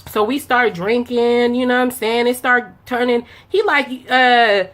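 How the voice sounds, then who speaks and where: A woman's voice: a little high, measured pace, fairly bright tone. A young woman chatting casually as she tells a story while doing her makeup, acting out both sides of the conversation with slang. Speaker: beauty vlogger telling a story.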